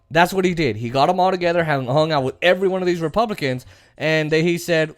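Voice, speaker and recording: Hosting a political commentary show, a man with a fairly high voice rants bluntly and profanely at a quick pace, using lots of fillers in a casual political rant. The sound is dry and clean, studio quality.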